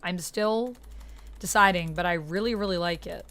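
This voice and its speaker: A young woman with a Canadian accent chatting casually to her viewers while playing a game live, reading out chat and filling pauses with "uh" and "like". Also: on the low side, fairly bright tone. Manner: chatty, reads chat aloud, frequent fillers. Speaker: streamer. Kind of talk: live-stream gameplay chat.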